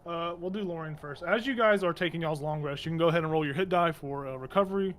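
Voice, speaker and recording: A game master runs a tabletop game, narrating loosely and rambling along with lots of fillers and laughter. His voice is a little high, fast and fairly bright.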